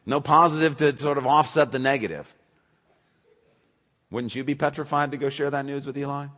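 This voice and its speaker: A man preaching a sermon, emphatic, swinging between loud urgent stress and quiet low asides. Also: fairly even intonation, moderate pace, long pauses. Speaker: pastor. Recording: long reverb of a large hall.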